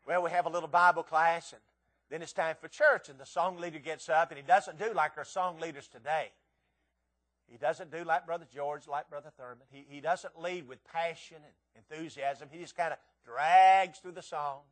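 A preacher delivers his sermon in a high, light voice. He reads scripture, then slips into a folksy, joking story and acts out the voices of the people in it. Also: steady tone, moderate pace, a bit bright.

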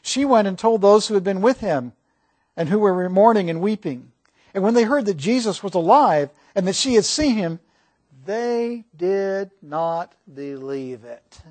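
A man preaching a sermon, animated, asking the congregation questions. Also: sits high, unhurried.

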